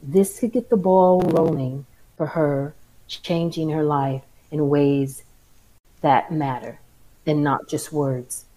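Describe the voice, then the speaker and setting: A woman speaking as a guest on a casual talk show, measured and careful to be tactful. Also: deep voice, steady tone, warm tone, rough recording. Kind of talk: casual call-in chat.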